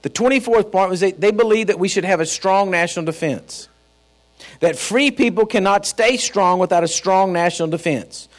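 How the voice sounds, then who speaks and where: A man's voice: sits high, moderate pace. A man with a Texan accent, preaching a sermon to his church in a folksy, emphatic storytelling manner. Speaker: pastor.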